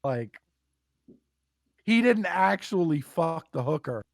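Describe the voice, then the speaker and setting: A young man casually telling a story, animated and swearing freely, acting out what people said. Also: fairly high pitch, slow, creaky, no room sound, studio quality. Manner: animated, swears a lot, acts out quotes. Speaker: podcast guest telling war stories.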